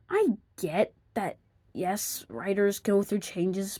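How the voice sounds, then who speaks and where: A woman's voice: mid-range voice, takes it slowly, warm tone, breathy edge. A woman narrating an opinion review of cartoon episodes, sarcastic and exasperated, sometimes dropping to a mutter.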